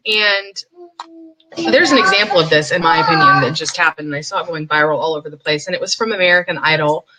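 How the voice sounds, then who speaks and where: A young woman speaking candidly and with firm opinions as a podcast host, mimicking other people in high, mocking voices. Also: fast talker, sharp tone, a little hiss or hum, low-quality recording. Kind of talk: casual commentary.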